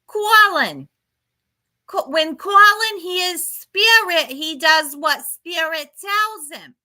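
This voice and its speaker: A woman doing a mocking impression of an excitable Boston-accented woman, her voice jumping far above her normal register. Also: extremely high pitch, takes it slowly, pitched above the performer's own voice, exaggerated voice.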